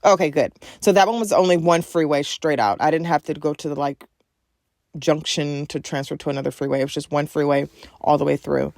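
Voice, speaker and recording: Low-voiced, gravelly woman telling a story. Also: steady tone, brisk, a little mellow, no echo, studio quality. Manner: chatty, addresses listeners as "you guys", gets emotional. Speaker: podcast host. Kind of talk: casual storytelling to listeners.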